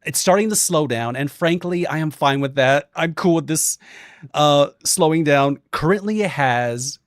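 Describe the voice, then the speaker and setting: A young man streaming, chatting casually and telling a story, animated and swearing, acting out quotes in different voices. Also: fairly high pitch, moderate pace, no room sound, clean studio sound.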